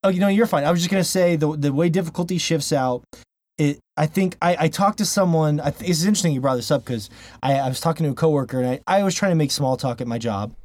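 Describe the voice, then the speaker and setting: A man's voice: a little high, quick pace, darkish tone. A man co-hosting a casual gaming podcast, rambling and laughing, often restarting his sentences. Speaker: podcast co-host. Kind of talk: casual chat.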